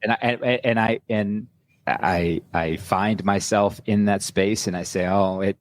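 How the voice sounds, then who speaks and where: A man's voice: fairly low pitch, fairly even intonation, unhurried. A middle-aged man, a personal trainer guest, talking candidly in a casual podcast chat, rambling with restarts.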